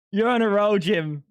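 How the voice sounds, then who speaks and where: A young man chatting casually on a live stream, animated, swearing and laughing a lot. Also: sits high, clean tone, no room sound, studio quality.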